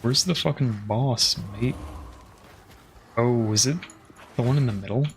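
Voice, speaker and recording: A man's voice: mid-range voice, measured pace, slight background noise. Casual swearing man streaming a game. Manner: casual, swears freely, thinks aloud with fillers. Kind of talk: casual gameplay commentary.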